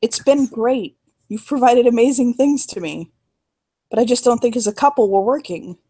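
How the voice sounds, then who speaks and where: A woman playing a relaxed, blunt adult man in a tabletop role-play, giving frank, gently mocking advice. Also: a little high, moderate pace, slightly rough, pitched above the performer's own voice. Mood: advising.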